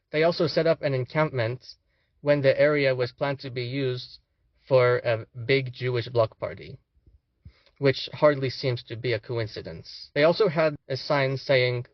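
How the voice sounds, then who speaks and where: A young man narrates a scripted commentary with sardonic, indignant asides. His voice sits at an ordinary middle pitch. The recording is dry and a little dull, like a lo-fi home voice-over. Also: moderate pace, no echo. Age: young adult. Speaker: student commentator.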